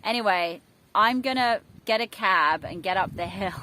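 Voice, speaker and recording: A woman's voice: medium pitch, animated, moderate pace. Chatty woman by a busy road. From England. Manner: rambling, chatty and self-mocking. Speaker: vlogger. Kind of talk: casual vlog talk to camera. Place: outdoors beside a main road. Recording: loud road noise outdoors. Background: loud traffic noise.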